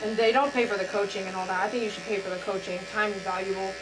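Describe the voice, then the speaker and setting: A woman's voice: medium pitch, steady tone, fast talker, background noise. A woman dog groomer talking casually and with feeling while she works, often saying "man". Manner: emotional, heartfelt, says "man" often. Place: grooming salon.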